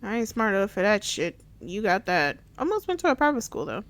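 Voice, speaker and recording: A female gaming streamer offers casual let's-play commentary in a mid-range, sing-song voice that's fairly quick and a bit bright. She giggles, trips over words while reading aloud, and swears offhandedly.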